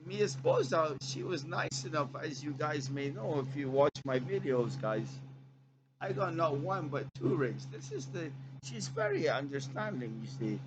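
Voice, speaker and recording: A man's voice: a little high, very animated, measured pace, muffled recording. A man vlogging on a city bus, rambling and profane, trailing off into asides and laughter. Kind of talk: rambling monologue to camera.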